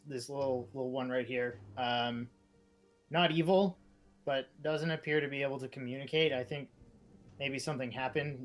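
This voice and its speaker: Hesitant male player in a tabletop game, stops and restarts a lot, soft music behind. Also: medium pitch. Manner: hesitant, halting speech with restarts. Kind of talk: playing a tabletop game character.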